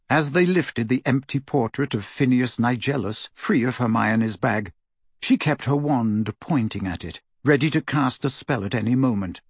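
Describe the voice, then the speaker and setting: A man narrating an audiobook in an expressive storytelling manner. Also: mid-range voice, husky, no echo, studio quality.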